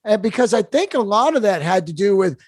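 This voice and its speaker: Man, podcast host, enthusiastic, high voice, dry sound. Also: very animated, brisk, no room sound. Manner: enthusiastic fan recollection. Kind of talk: interview chat.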